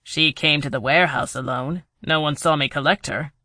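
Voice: medium pitch, normal speed, pushed and bright, no echo, studio quality. A narrator doing a tense male henchman. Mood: reporting. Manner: tight, defensive, formal.

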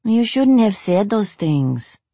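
A woman voicing a blunt, jaded saloon entertainer who speaks slowly and matter-of-factly. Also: medium pitch, big pitch swings, warm tone, dry recording, voice pushed up, heavily acted. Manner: slow, matter-of-fact, weary compassion.

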